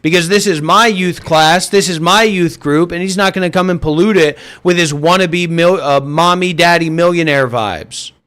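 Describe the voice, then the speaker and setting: A man's voice: a little high, moderate pace, few pauses, a bit bright, clear, resonant tone. A man hosting an online voice chat and livestream, scolding listeners with profanity and repetition. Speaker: voice chat host and streamer. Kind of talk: livestream rant.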